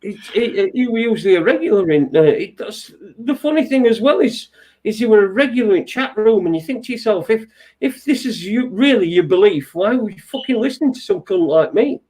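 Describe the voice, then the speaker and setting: A man hosting a casual chat show, rambling and halting with lots of swearing. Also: high-pitched, expressive, a little mellow. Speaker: host.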